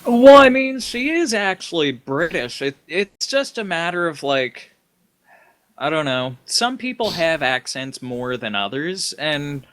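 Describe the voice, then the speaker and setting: A podcast co-host in a casual chat speaks with a fairly high voice at a measured pace, recorded dry. He sounds animated yet hesitant, leaning heavily on filler words.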